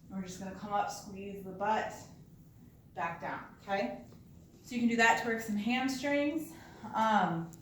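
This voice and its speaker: A woman's voice: mid-range voice, slight background noise. A woman demonstrating resistance band exercises for coworkers in a casual, chatty way, often checking in with "okay?" and getting a little out of breath. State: slightly out of breath. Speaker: workplace fitness instructor. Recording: echoey room, voice from far off.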